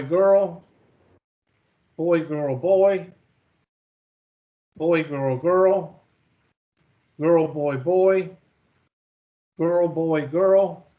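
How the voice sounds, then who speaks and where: A man teaching a math class, folksy and joking, in a dull lo-fi classroom recording. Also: a little high. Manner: folksy, joking asides, slow deliberate delivery. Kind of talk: classroom lecture.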